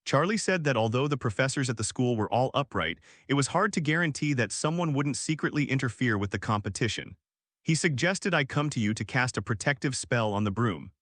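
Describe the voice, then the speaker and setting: A man's voice: mid-range voice, expressive, fairly quick, a bit bright, dry recording. A man reading the part of an anxious young boy wizard student, hesitant and pleading, in a dry close recording.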